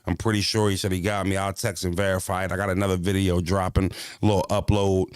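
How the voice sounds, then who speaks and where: A man with a very low voice, swearing through laid-back stories as he talks straight to his viewers. His speech is loose and slangy, recorded close and dry. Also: level tone, fast talker, clear, resonant tone, no echo. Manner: profane, slangy storytelling. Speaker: livestream host. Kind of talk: casual livestream chat.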